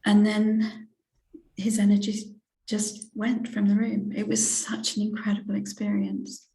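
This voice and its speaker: Slow, heartfelt older English woman. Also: mid-range voice, completely flat delivery, warm tone. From England. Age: 60s. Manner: slow, hesitant, heartfelt, with many fillers and restarts. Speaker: reverend, interview guest. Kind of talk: personal spiritual testimony in an interview. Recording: roomy echo.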